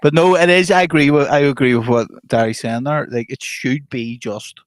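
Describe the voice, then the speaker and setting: A man's voice: medium pitch, steady tone, moderate pace, no room sound. A man co-hosting a podcast in casual chat, joking, swearing freely and laughing often. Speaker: podcast co-host.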